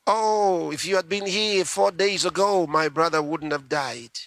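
A man's voice: fairly high pitch, unhurried, creaky, a bit bright, no room sound, studio quality. A man voicing a grieving woman who reproaches a friend for arriving too late, in a raised, pleading tone.

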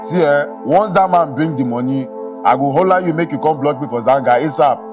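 A man's voice: on the high side, a little fast, close to an everyday voice. An actor playing a scheming man who coaxes and soothes in Nigerian Pidgin. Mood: coaxing. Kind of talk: comedic drama acting. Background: music.

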